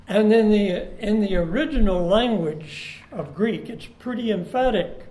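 High-voiced pastor in an echoey sanctuary. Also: male voice, warm tone. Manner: earnest, slows down to stress key words. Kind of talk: sermon. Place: church sanctuary. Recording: echoey church room.

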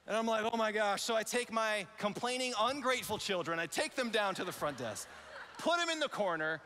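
A man in his thirties preaches with a high, bright voice that swings widely as he acts out each voice in his story. He sounds like a pastor on a big church stage, his words trailing into a long hall reverb. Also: lively intonation, fairly quick. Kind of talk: storytelling sermon. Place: large church auditorium.

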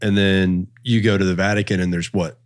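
A man's voice: low voice, fairly even intonation, fairly quick. A man co-hosting a casual podcast, laid-back, asking questions and dropping dry asides. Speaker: podcast co-host. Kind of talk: casual chat.

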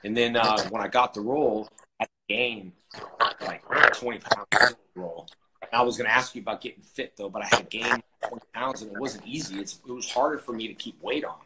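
A man hosting a casual interview, talking in halting, rambling bursts with many restarts. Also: fairly low pitch, steady tone. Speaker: host. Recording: loud background noise.

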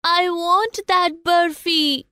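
A small boy lost at a busy fair, as a woman puts him on, whines and pleads in a high, thin voice. He cries out over and over for his mother and father, drawing the words out slowly. It is storybook cartoon acting, recorded close and dry. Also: fairly even intonation, pushed and bright, no room sound, heavily acted. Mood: longing. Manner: whiny pleading, crying out.

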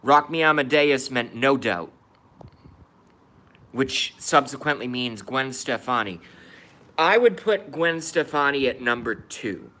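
A man hosting a casual livestream, reacting bluntly to viewers' chat and swearing freely, swinging between loud outbursts and quiet muttering. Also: mid-range voice, lively intonation, slow pace. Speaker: livestream host.

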